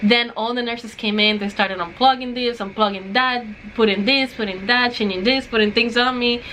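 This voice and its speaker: A woman's voice: fairly high pitch, steady tone, moderate pace, pushed and bright, slight background noise. Chatty young woman, rambling story. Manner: rambling, with many likes and ums. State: recovering from surgery. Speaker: new mother. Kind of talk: casual vlog storytelling.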